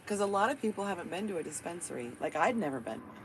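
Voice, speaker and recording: Chatty woman, live-stream vlogger in a van, slightly low voice, steady vehicle hum behind. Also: fast talker. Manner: chatty, talks to viewers and her dog. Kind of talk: casual live-stream chat. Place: inside her van.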